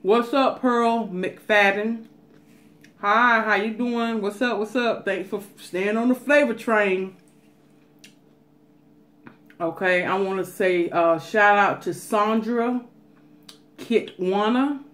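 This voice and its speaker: A woman from Atlanta, chatting casually to her viewers in a mukbang vlog, animated and talkative, sometimes dropping to a whisper. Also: mid-range voice, slow pace, pauses often. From Atlanta, USA. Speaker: mukbang vlogger.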